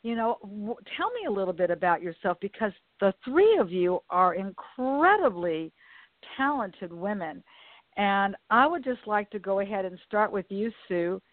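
A woman's voice: mid-range voice, big pitch swings, moderate pace, no room sound. A woman hosting a talk radio show, introducing her guests with enthusiasm. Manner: enthusiastic, effusive. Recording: dry phone-line sound with faint music.

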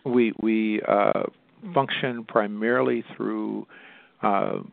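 Gravelly man, halting speech, phone line. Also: fairly low pitch, fairly even intonation, dry recording. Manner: halting, many restarts and fillers. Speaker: nonprofit representative. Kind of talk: interview over the phone.

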